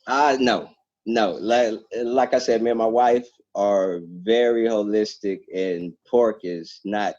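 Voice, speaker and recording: A man, a farmer and activist, chatting casually on a podcast, easygoing and quick to laugh. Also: on the low side, steady tone, a little mellow. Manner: easygoing, laughs often, stumbles and repeats words. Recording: dull lo-fi sound.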